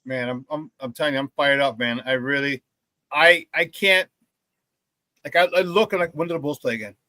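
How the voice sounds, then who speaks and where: A man hosting a sports talk show, talking excitedly and casually with many restarts and repeated phrases. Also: medium pitch, fairly quick, no room sound. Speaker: sports radio host.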